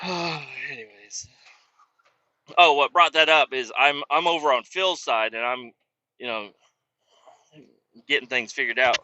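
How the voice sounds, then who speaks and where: A man's voice: mid-range voice, unhurried, pauses often, bright, forceful tone, no room sound, muffled recording. A man, a truck driver, casually telling stories on a vlog from inside his truck cab, chatty and profane.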